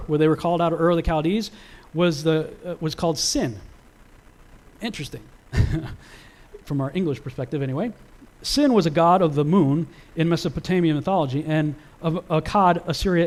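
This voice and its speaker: Conversational man with a higher voice. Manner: conversational, many fillers and restarts. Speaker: Bible teacher. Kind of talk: casual teaching presentation.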